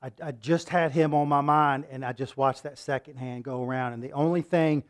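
A man's voice: mid-range voice, steady tone, normal speed. A man preaching a sermon in an earnest way, often repeating and restarting words and rising into impassioned bursts when he quotes scripture.

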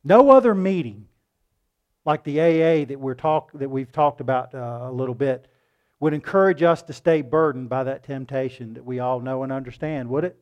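A man preaches passionately, posing rhetorical questions to the room and swinging between loud and hushed delivery. His voice is medium-pitched at normal speed, and the audio sounds dull.

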